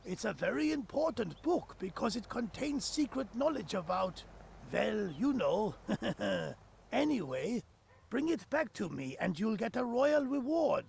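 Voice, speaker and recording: An actor voicing a conspiratorial old man who lost a secret book, speaking with a fake-sounding French-like accent in a gravelly, raspy voice. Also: high voice, sing-song, unhurried, darkish tone, a little hiss or hum, full character voice. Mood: scheming.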